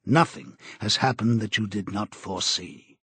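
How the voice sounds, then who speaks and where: A man voicing a cold, menacing male interrogator in an audiobook, speaking in a measured, contemptuous way. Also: lowish voice, a bit bright, breathy edge, no room sound. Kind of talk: audiobook character reading.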